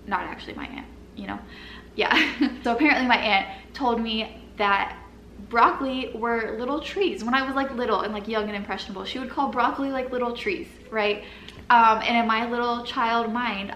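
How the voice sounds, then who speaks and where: A young woman vlogger tells a personal story in a casual, chatty way, sprinkling in "like" and nervous little laughs. Her voice is medium-pitched with a sharp tone. The room is echoey, with faint noise.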